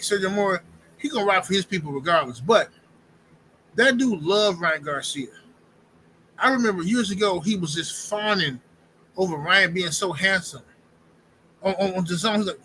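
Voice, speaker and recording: Bright, high-voiced slangy man. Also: lively intonation, normal speed, slight background noise, low-quality recording. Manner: slangy, blunt, opinionated. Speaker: livestream host. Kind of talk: casual livestream commentary.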